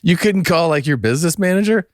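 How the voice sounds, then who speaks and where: A man's voice: a little high, animated, fast talker, noisy background. A man in his fifties co-hosting a podcast in casual chat, laid-back and teasing with easy laughs, on a close studio mic. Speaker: podcast co-host, comedian.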